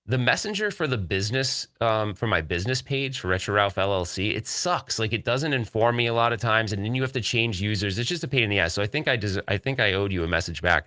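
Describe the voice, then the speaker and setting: Host type, guy, lower voice but bright and edgy, rambly live-stream chatter. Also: expressive, fast talker, no echo, clean studio sound. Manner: rambling, upbeat, reads viewer chat aloud. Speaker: podcast host. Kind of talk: casual live-stream chat.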